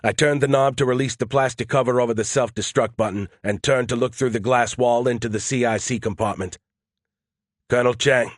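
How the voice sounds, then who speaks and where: A man giving scripted first-person audiobook narration, steady and tense. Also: on the low side, dry recording, clean studio sound.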